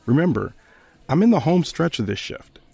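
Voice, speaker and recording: A man hosting a podcast, retelling a personal story in a measured, earnest way. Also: on the high side, very animated, vocal fry, warm tone, breathy edge, dry recording.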